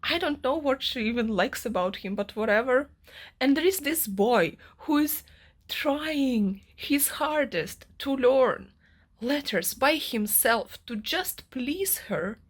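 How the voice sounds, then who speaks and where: A young book vlogger rants about a novel she's reading, full of strong emotion and lots of fillers, in a casual reading-vlog monologue. Her high-pitched voice has lively intonation, and she takes her time.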